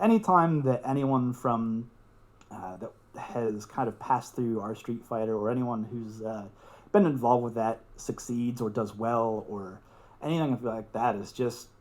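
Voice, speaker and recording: A young man telling a story as a podcast guest, excitable, swearing and laughing as he talks. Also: medium pitch. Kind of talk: casual storytelling.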